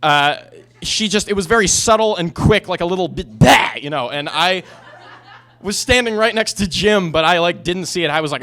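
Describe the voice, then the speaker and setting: A man's voice: on the high side, normal speed, fairly bright tone. A man in his twenties doing a stand-up comedy set, telling a rambling story with lots of restarts and asides. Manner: rambling, self-interrupting storytelling.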